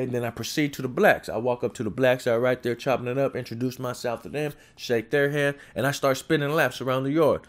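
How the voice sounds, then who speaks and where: A man in his twenties from California, casually telling a story in street slang, laughing often. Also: mid-range voice.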